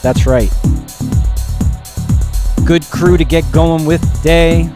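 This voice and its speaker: A man's voice: on the high side, steady tone, slow. Chatty man hosting a livestream. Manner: chatty, reads out chat names. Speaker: livestream host. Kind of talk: casual livestream chat. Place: music studio in New York. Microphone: headphones on, studio mic. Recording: music playing behind the voice. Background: electronic music.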